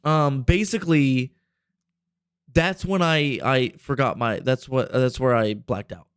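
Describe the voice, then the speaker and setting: A man's voice: mid-range voice, measured pace, clean tone, no echo, clean studio sound. A man in his twenties telling a rambling, profane story on a casual podcast. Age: 20s. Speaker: podcast host.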